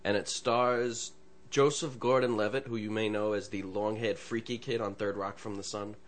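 A man co-hosting a casual movie chat show, low-key and self-deprecating. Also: steady tone, normal speed. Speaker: podcast co-host.

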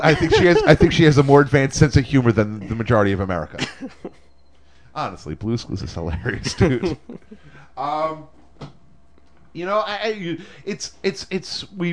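A young man co-hosting a podcast, talking in a rambling, excitable way and laughing often. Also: medium pitch, slight background noise. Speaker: podcast co-host. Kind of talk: casual chat.

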